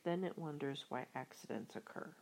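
A woman reading an audiobook in a soft, half-whispered way. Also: low voice, animated, normal speed, vocal fry, noisy background. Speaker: audiobook reader. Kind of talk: audiobook narration.

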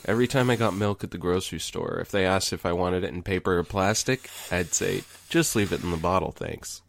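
Gravelly deep-voiced man telling a confession. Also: fairly quick. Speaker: support group member. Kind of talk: comedy sketch, deadpan storytelling.

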